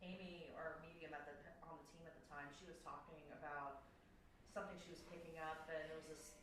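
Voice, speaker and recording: A woman's voice: low-pitched, steady tone, fairly quick. Echoey, distant woman telling ghost stories. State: coughing with a sore throat. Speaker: paranormal investigator guest. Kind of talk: casual chat. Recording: echoey, distant, noisy room.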